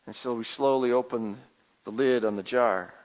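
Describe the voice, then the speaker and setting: A male pastor playing a humble, wary Israelite father in a first-person monologue, confiding and plainspoken with halting repeats. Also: medium pitch, steady tone, a little mellow, close to an everyday voice. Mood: reflective. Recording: long hall reverb.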